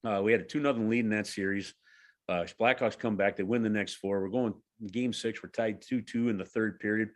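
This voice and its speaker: A man in his forties, a hockey radio broadcaster, telling a story on a casual podcast with lively, halting restarts. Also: fairly low pitch.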